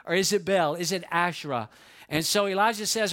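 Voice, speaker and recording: A man preaching a sermon, retelling a story in a lively, conversational way with frequent asides to his listeners. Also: sits high, fairly quick. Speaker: pastor.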